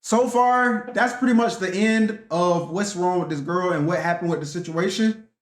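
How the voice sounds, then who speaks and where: In an echoey room, a young vlogger rambles through a profanity-laced story, swearing often and speaking with animation. His voice sits high, and he talks at a normal speed.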